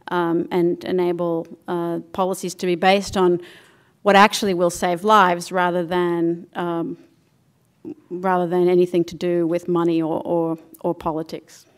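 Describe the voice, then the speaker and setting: A woman's voice: on the low side, flat delivery, unhurried, smooth. A woman closing her remarks at a conference, earnest and a little hesitant. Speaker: conference speaker.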